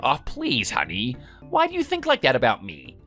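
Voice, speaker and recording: A text-to-speech voice voicing a whiny, lazy young husband who blusters and then pleads in a text-message story. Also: male voice, medium pitch, huge pitch swings, normal speed, pushed and bright, soft background music, exaggerated voice. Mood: pleading. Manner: whining, blustering.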